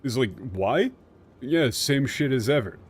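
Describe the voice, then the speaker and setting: A man streaming a game, casually explaining the translation in an animated, profane way. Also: mid-range voice, a little slow, breathy edge.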